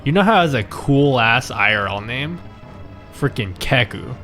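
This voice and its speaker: A man's voice: medium pitch, animated, normal speed, pushed and bright, faint music behind. A man streaming live, chatting casually, reading chat aloud and joking with viewers.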